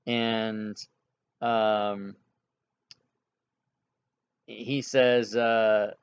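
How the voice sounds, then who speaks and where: A man narrating as game master of a tabletop game, halting and full of fillers. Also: medium pitch, lo-fi sound. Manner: halting, filler-heavy, chuckles at players.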